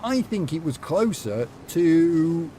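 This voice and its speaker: A man's voice: fairly high pitch, sing-song, slow pace, mellow, slight background noise. A young man streaming a farming game, chatting playfully and sassily with lots of fillers. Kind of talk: casual live-stream chat while gaming.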